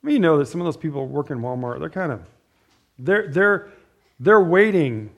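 A man's voice: a little high, animated, moderate pace, narrow, tinny audio. Rambling, conversational preacher man. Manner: rambling, conversational, with frequent restarts and asides. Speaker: pastor. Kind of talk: informal sermon with storytelling.

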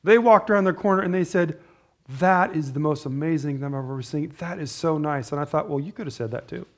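A man's voice: a little high, brisk. Rambling, conversational preacher man. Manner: rambling, conversational, with frequent restarts and asides. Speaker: pastor. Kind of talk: informal sermon with storytelling.

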